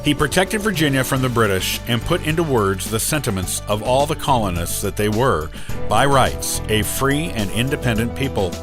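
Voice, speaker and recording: A man hosting a podcast, reading a scripted history narration in a measured, steady way. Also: medium pitch, over music. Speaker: podcast host.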